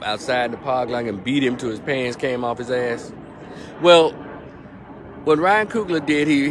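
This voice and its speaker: In a relaxed movie-review vlog, a middle-aged man recounts scenes with lively, rambling energy and lots of swearing. He speaks on the low side, with slight hiss or hum audible.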